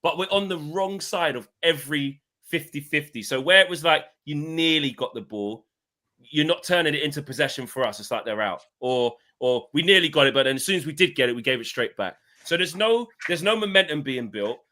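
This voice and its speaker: A man's voice: fairly high pitch, expressive, fairly quick, pushed and bright. A man speaking as a football pundit in a casual panel debate, fed up and complaining emphatically.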